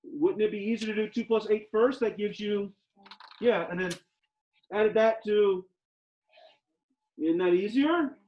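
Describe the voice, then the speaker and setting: High-voiced man teaching math in class. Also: measured pace, pauses often, a little mellow. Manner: emphatic, repeats questions to the class. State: out of breath behind a face mask. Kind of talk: classroom lecture. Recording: dull lo-fi classroom audio.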